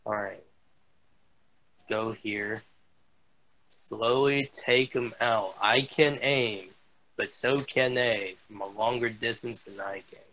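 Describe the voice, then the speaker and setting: A young man swearing and yelling his way through a shooter game as a gaming streamer. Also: lowish voice, takes it slowly, long pauses. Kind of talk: angry gameplay commentary.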